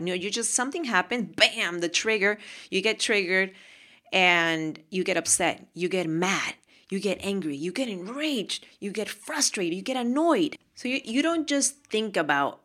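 A woman's voice: mid-range voice, expressive, measured pace, fairly bright tone. A woman hosting a motivational podcast, talking casually and emphatically and repeating phrases for emphasis. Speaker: podcast host.

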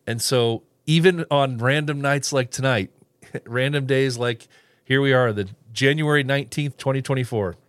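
A man's voice: medium pitch, moderate pace, dry recording. A man hosting a casual solo podcast, rambling with restarts and little chuckles as he reads live comments. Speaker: podcast host.

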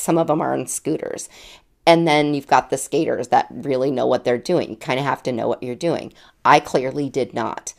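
A woman's voice: low-pitched, vocal fry, a little mellow. A woman in her late forties hosting a podcast, telling a personal story in a chatty, self-deprecating way and laughing often. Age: 40s. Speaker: podcast host.

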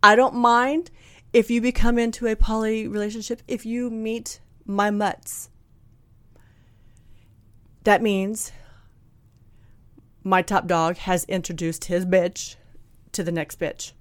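A woman telling a personal story in a candid, blunt, animated way, acting out what people said. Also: mid-range voice, takes it slowly, pauses often, no echo. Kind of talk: casual storytelling chat.

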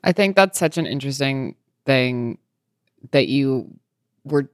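A woman's voice: a bass voice, animated, unhurried, smooth, dry recording, studio quality. A woman hosting a conversation, speaking in a thoughtful, affirming way. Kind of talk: reflective conversational chat.

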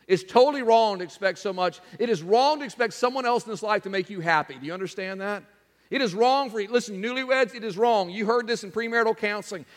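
A middle-aged man preaching a sermon as pastor, animated, slipping into mimicking voices. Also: high-pitched, big-room sound.

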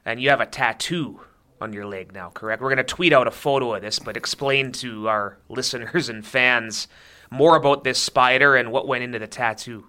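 Bright-voiced man hosting a podcast. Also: mid-range voice, moderate pace. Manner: friendly, sets up questions for the guest. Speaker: podcast host.

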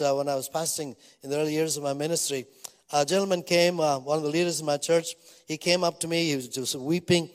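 An older man preaching a sermon as pastor, reading scripture slowly and then telling stories with many fillers. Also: on the high side, in a large hall.

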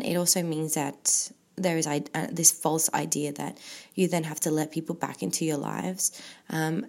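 Gravelly-voiced woman hosting a podcast. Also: deep voice, a little mellow. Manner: earnest, reflective, with frequent ums. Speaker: podcast host. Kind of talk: faith-based podcast talk.

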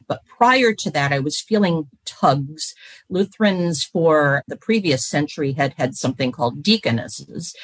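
A woman's voice: sits low, fairly bright tone, no echo, low-quality recording. Thoughtful woman in her sixties, dry close sound. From central Wisconsin, USA. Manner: thoughtful, measured, with frequent fillers and restarts. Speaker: guest, historian and Lutheran pastor. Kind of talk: reflective interview answers.

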